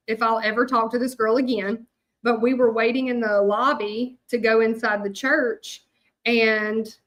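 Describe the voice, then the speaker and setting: Chatty woman, higher voice. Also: fairly bright tone. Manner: chatty, many fillers, addresses viewers as y'all. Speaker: hand-lettering artist. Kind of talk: casual storytelling while lettering.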